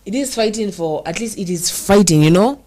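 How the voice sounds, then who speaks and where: A woman's voice: medium pitch, expressive, warm tone. A young Kenyan woman hosting casual commentary, reading viewer comments and mixing English and Swahili with feeling. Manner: code-switches English and Swahili, emotional, slows to stress words.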